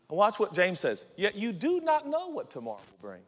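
A man from the Pacific Northwest preaching a sermon, animated, acting out quotes and swinging between shouts and hushed lines. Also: high voice, a little fast, few pauses. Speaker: pastor. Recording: reverberant hall.

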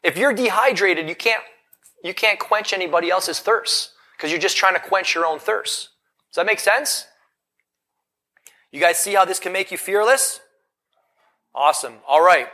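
Bright-voiced energetic male speaker. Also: high voice, normal speed, pauses often. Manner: energetic, rhetorical questions to the audience. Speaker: motivational speaker. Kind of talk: live seminar talk. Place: event hall in front of a live audience.

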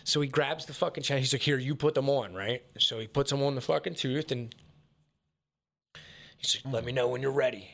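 A man casually telling a story, cursing often and acting out each person's lines. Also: mid-range voice. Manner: profane, animated, acts out quotes.

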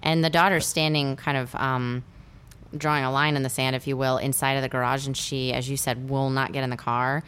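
A woman's voice: extremely low pitch, brisk, smooth. A woman casually recapping a film scene by scene, acting out the characters' lines as she goes. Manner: animated storyteller who acts out quoted lines. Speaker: film discussion co-host.

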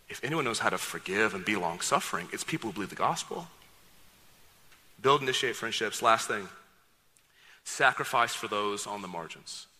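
A man's voice: medium pitch, pushed and bright. A man preaching a sermon as pastor, talking in a conversational, joking and direct way to his congregation. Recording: long reverb of a large hall.

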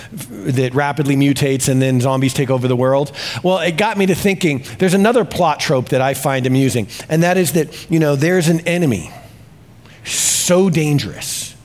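A male pastor with a slightly high voice preaches a sermon in a confessional tone, swinging between hushed reflection and exclamation.

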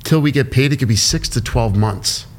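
A man being interviewed as an entrepreneur guest, speaking emotionally and haltingly with lots of fillers. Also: medium pitch. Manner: halting, heavy use of "like" fillers.

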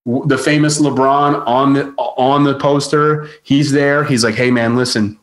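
A podcast guest, a man with a medium-pitched voice, talks a little slowly as he tells a touring story in a casual chat. He's animated, acts out quotes, and says "like" a lot.

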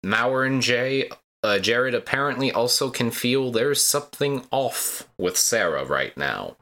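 A man's voice: medium pitch, expressive, measured pace, sharp tone. A man co-hosting a podcast, casually recapping an anime plot with dry jokes. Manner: laid-back, sums up plot beats, dry jokes. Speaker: podcast co-host.

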